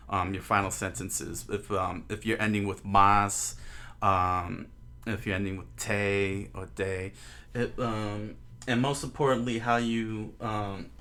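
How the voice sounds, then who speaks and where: A man's voice: fairly low pitch, sharp tone. A man teaching Japanese grammar on a livestream in a casual, rambling way, with many fillers and restarts. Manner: rambling, many fillers and restarts, drawing on a board while talking.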